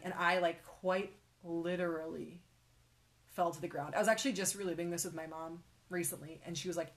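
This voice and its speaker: A young woman sharing a personal faith story in conversation, halting and emotional, often with fillers, sometimes dropping to a whisper. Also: lowish voice, steady tone.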